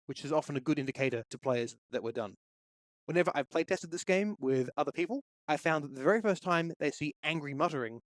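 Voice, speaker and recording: A man's voice: fairly high pitch, no room sound. A man walking through a game development tutorial, explaining each step steadily into a close microphone. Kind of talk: screen-recorded tutorial.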